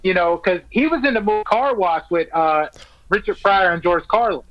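A high-pitched man talks easily and eagerly, sprinkling his sentences with "man" and "like". He sounds dry and close, with no room around him. The lo-fi line dulls his voice. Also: normal speed, fairly bright tone, no room sound. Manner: laid-back and enthusiastic, peppered with "man" and "like". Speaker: stand-up comic, podcast guest. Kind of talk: casual podcast chat.

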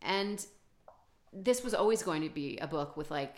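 A woman with a deep, low voice chats about her writing life in a relaxed podcast conversation. She talks loosely and self-deprecatingly, full of fillers and restarts. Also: moderate pace. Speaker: author guest.

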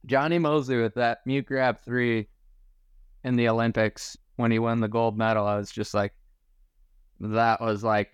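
A man's voice: medium pitch, little pitch movement, measured pace, clean tone, no echo, dull audio. Laid-back Michigan-raised man telling stories. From Michigan, USA. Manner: laid-back, swears casually, says dude and bro. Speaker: podcast guest, skier. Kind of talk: casual storytelling chat.

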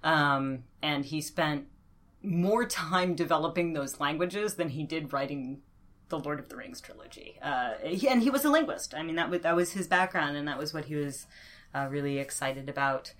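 Podcast guest: woman linguist, low voice, thoughtful and hedging. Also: moderate pace, a bit bright. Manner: thoughtful, with many fillers and laughs. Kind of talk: podcast interview.

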